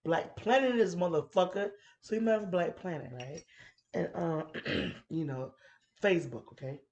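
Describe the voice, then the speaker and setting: A woman in her thirties tells a profane, frank story as a podcast host on a casual chat show, laughing a lot and keeping things playful. She speaks at a normal speed in a fairly low, slightly mellow voice. The sound is lo-fi, with a little hiss or hum.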